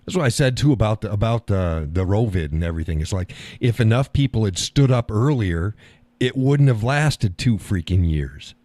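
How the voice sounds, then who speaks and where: This man's lowish, warm voice has lively intonation and a normal speed. Hosting a live stream, he delivers a casual, rambling monologue, blunt and full of laughter and casual swearing, recorded dry over an audio call setup.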